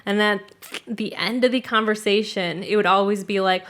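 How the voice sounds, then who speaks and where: A young adult woman hosts a podcast, chatting casually and swearing freely, with lots of "like" as filler. She retells family stories by acting out the quotes in other people's voices. Her voice is medium-pitched and a bit bright, with a steady tone at a normal speed.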